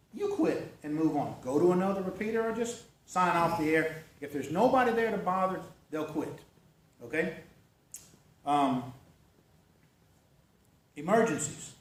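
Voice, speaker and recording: A man giving a folksy, conversational talk at a club meeting, often checking in with "okay?" and "right?". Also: high-pitched. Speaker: club presenter. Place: meeting room. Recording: echoey room recorded from far off.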